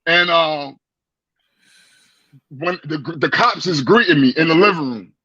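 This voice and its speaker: A man telling a story in a casual chat, animated and profane, with lots of stammered restarts, on dry lo-fi stream audio. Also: on the high side, unhurried, husky, dry recording. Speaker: guest.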